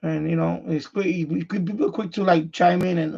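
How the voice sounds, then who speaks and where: A man's voice: fairly high pitch, fairly even intonation, moderate pace, vocal fry, dark tone, lo-fi sound. A man hosting an amateur radio livestream, chatting casually and rambling, often restarting and repeating himself. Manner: repetitive, restarts sentences often.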